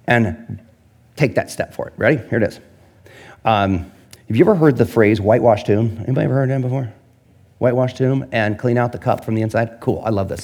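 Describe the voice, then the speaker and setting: Guy preaching a laid-back sermon, voice jumps all over, cracks jokes and quizzes the crowd. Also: medium pitch. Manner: animated and jokey, asks the audience questions. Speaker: pastor. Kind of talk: casual conversational sermon.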